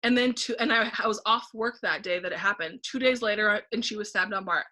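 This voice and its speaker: Bright-voiced woman telling a story. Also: medium pitch, quick pace. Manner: animated, replays her own thoughts aloud, frequent "like". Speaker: podcast guest, painting facilitator. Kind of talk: casual conversational storytelling.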